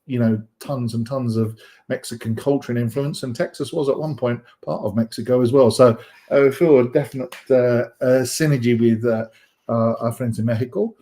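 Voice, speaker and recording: A man with a medium-pitched, mellow, steady voice hosts a live stream at a moderate pace. He's casual and rambling, full of fillers and restarts. He jokes and greets viewers by name.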